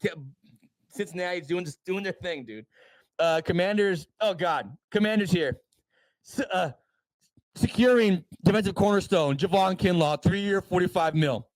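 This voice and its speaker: Slightly high-voiced man running down news. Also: no room sound, rough recording. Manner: rattles through news items with quick offhand asides. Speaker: podcast co-host. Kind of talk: casual sports talk livestream.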